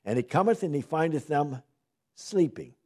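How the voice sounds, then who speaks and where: Husky, animated male Bible teacher. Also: a little high, normal speed. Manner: reads scripture aloud with dramatic emphasis; asks the class rhetorical questions.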